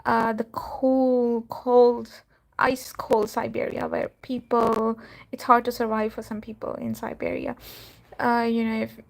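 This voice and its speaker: A woman's voice: a little high, flat delivery, a little slow, gravelly. A woman who runs a cattery and hosts her channel, chatting casually on a live stream, laughing often and trailing off with fillers. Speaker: cattery owner and channel host.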